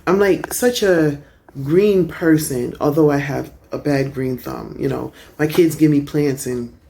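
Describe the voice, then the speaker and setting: A middle-aged woman tells stories in a relaxed, chatty vlog, sitting out on a porch. Her voice sits low and warm, and she keeps it animated with frequent laughs. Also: measured pace, gravelly. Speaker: vlogger. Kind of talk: casual storytelling vlog. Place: outdoor porch in the rain.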